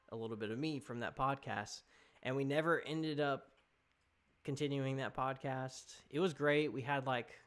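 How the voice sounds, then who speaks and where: A young man talks loosely on his live stream. He rambles and reacts to chat comments as they come in. His pitch is right in the middle for a man. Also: fairly bright tone. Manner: chatty, rambling, reading chat aloud.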